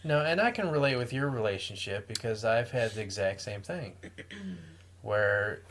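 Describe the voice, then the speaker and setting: Calm man co-hosting an advice podcast. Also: mid-range voice, a little slow, slight background noise. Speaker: podcast co-host. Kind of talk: casual advice podcast chat.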